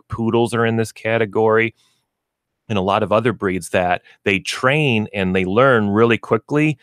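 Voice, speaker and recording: A man's voice: on the low side, a bit bright, no echo, clean studio sound. A man hosting a radio show about pets, talking casually and acting out what dogs and owners might say. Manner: folksy, explains with acted dog and owner voices. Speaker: pet store radio show host. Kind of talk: casual radio talk on pet training.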